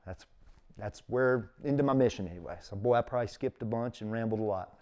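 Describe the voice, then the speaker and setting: A man's voice: fairly low pitch, quick pace, darkish tone. A middle-aged man, telling his story in casual conversation as an interview guest and acting out quotes with big jumps in his voice.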